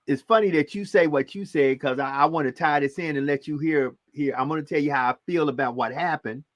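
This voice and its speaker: A man co-hosting a podcast, talking in a calm, measured way. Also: a little high, no echo. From Louisiana. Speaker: podcast co-host. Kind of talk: casual chat. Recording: dull, muffled dry mic.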